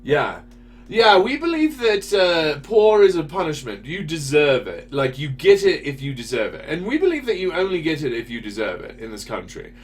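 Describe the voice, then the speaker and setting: A man's voice: on the high side, sing-song, moderate pace, slightly rough. A man hosting a casual talk show, ranting with swearing and rhetorical questions. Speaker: podcast host. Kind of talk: casual political chat.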